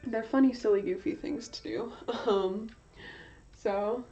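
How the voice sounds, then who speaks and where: A woman's voice: fairly high pitch, steady tone, slow, warm tone, faint music behind. Young woman rambling on a livestream. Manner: rambling, heavy on fillers, corrects herself mid-sentence. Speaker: art livestreamer. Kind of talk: casual livestream chat while drawing. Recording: slightly dull lo-fi stream audio.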